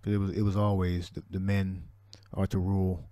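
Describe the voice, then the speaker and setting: Deep dark-voiced man preaching. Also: little pitch movement, normal speed, no room sound. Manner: repetitive, restarts, scripture-heavy. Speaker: religious teacher. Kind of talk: preaching commentary on a video.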